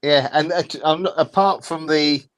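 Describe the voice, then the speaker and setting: A man co-hosting a casual football fan show, talking in a relaxed, matter-of-fact way. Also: fairly high pitch, normal speed. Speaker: co-host.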